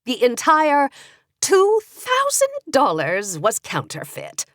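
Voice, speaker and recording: A woman's voice: high voice, wildly swooping pitch, slow, no echo, studio quality, voice pushed up, full character voice. A woman voicing a blunt poker-playing townswoman. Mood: indignant.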